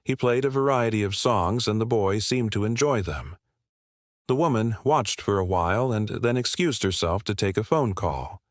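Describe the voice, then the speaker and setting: Low-voiced man narrating a story. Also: animated, moderate pace, no echo, clean studio sound.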